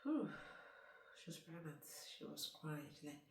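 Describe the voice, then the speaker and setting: A woman's voice: sits low, sing-song, moderate pace, gravelly. Chatty woman recapping a film, roomy. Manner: chatty, asks the listener questions, restarts often. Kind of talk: casual spoken movie recap. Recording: roomy sound from a distant mic.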